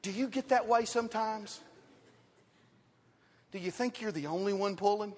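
Male preacher, high-pitched and lively, telling church stories, heard in a reverberant sanctuary. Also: moderate pace. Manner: animated storytelling with scripture quotes. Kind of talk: sermon. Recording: reverberant hall.

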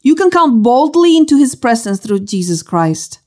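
Lively, expressive woman reading devotions. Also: fairly high pitch, moderate pace. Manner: expressive, dramatic storytelling with preacherly emphasis. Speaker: author reading her devotional book. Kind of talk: reading a devotional book aloud.

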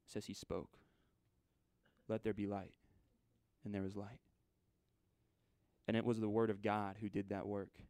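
A man's voice: lowish voice, level tone, normal speed, pauses often, clear, resonant tone, no room sound. Dramatic man preaching a sermon. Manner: conversational, dramatic swings from loud to hushed.

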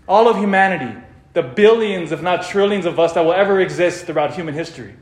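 A man preaching a sermon and telling the story dramatically, dropping to a hush and then rising loud. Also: sits high, quick pace. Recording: echoey room.

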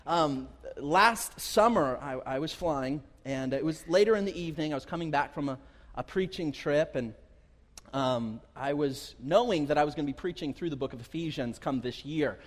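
A man preaching a sermon as pastor, telling personal stories to his congregation in a lively, direct way, often repeating words as he goes. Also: fairly high pitch, normal speed. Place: church sanctuary. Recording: long hall reverb.

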